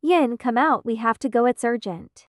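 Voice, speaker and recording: A woman's voice: a little high, normal speed, no room sound, studio quality, natural voice. A woman voicing an insistent male bodyguard who urges people to hurry. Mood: urgent. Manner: urgent, insistent.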